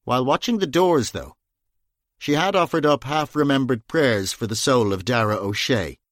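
Male narrator for a crime audiobook: middle voice, steady pacing, dry close mic. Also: mid-range voice, no echo. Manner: even, measured storytelling. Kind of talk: scripted narration.

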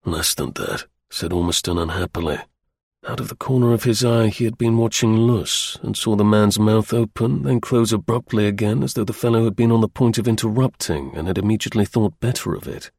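A man narrating a story in a measured storytelling manner. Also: on the low side, vocal fry, darkish tone, slightly rough, no echo, clean studio sound. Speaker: audiobook narrator. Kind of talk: scripted narration.

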